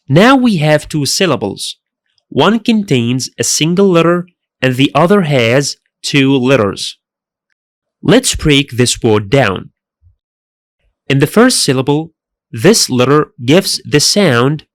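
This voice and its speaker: A man's voice: on the high side, no room sound. A man teaching a pronunciation lesson in careful scripted narration, repeating each sound twice. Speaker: language teacher.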